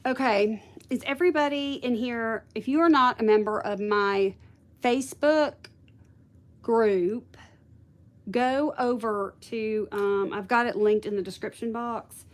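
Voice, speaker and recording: A woman's voice: on the high side, measured pace. A woman hosting a casual craft livestream, chatting with viewers and thinking aloud. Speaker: craft video host.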